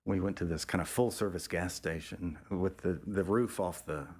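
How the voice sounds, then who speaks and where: A man's voice: moderate pace, a little mellow, slightly rough. A man, a photographer, telling a casual, rambling story with frequent restarts and the odd swear word. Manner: acts out other people's lines in a raised pitch.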